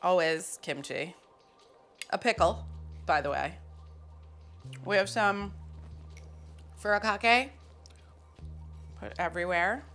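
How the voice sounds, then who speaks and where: A woman's voice: on the low side, takes it slowly, pauses often, fairly bright tone, soft background music. A woman hosting a cooking show, talking casually and poking fun at herself while she cooks in a kitchen. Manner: chatty and self-mocking, with frequent laughs.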